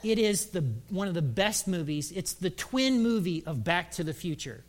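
A man's voice: high voice, animated, in a large hall. A male pastor giving a conversational, humorous sermon in a church. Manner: humorous, acts out quick voices.

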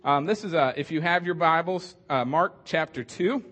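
A male pastor with a fairly high voice preaches in a loose, conversational way. He jokes often and fills his sentences with ums and restarts. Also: normal speed, fairly bright tone. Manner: conversational, joking, many fillers. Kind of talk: casual sermon.

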